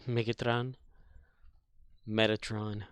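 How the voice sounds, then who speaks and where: A man's voice: on the low side, little pitch movement, clear, resonant tone, no echo. A man chatting casually and goofily on a gaming livestream, joking and singing nonsense. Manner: slow, goofy, sings and jokes. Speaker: streamer.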